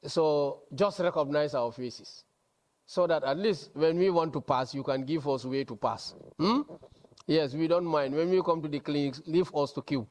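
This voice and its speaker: A man with a fairly high voice speaks as a college registrar at a student orientation. He introduces the staff in a chatty way and keeps checking in with the audience. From The Gambia. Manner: chatty, asks the audience "huh?" and "not so?".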